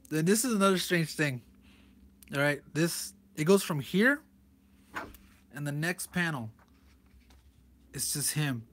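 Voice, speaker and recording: A man's voice: fairly high pitch, lively intonation, slow pace, pauses often, fairly bright tone. A man reviewing a comic book page by page in a loose, rambling way, chuckling often as he talks. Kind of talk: casual comic commentary.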